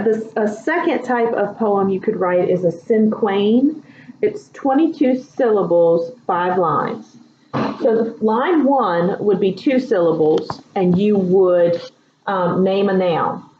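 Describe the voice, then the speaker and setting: Slow, chatty woman teaching writing. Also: mid-range voice, slight background noise. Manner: chatty and relaxed, full of ums and asides. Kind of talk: casual classroom instruction. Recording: echoey room, dull lo-fi sound.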